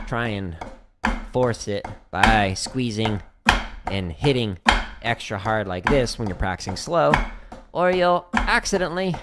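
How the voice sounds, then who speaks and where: Over very noisy audio, a man with a mid-range voice and vocal fry hosts a relaxed Q&A livestream from his home drum studio. Between practice runs he explains rudiments, hums drum patterns, and laughs easily and often.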